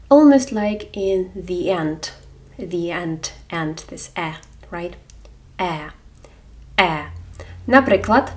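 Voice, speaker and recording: Ukrainian-accented woman, patient teacher, slow and a bit off-mic. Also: medium pitch, animated, a little mellow, distant mic. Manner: slow, repeats words clearly for learners. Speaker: language teacher. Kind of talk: beginner language lesson.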